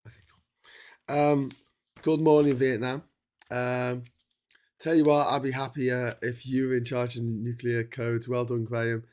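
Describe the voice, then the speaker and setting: A man's voice: medium pitch, level tone, unhurried, a little mellow. A middle-aged man hosting a long solo livestream, tired and chatting in a rambling, self-interrupting way. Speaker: livestream host. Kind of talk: casual livestream chat. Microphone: streaming setup mic.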